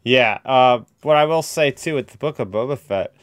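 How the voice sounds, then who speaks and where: A man's voice: mid-range voice, normal speed, dry recording, studio quality. A man co-hosting a podcast, chatting casually and enthusiastically. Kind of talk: casual chat.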